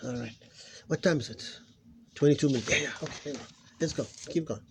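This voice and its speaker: A man's voice: on the high side, brisk, background noise. A man teaching Arabic phonics in an informal lesson, thinking aloud, correcting himself and stretching out the example words he models.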